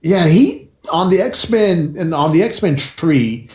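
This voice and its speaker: A man's voice: a little high, expressive, takes it slowly, warm tone. A man co-hosting a podcast in casual chat, rambling and swearing freely. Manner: rambling, swears and laughs often. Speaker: podcast co-host. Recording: roomy echo.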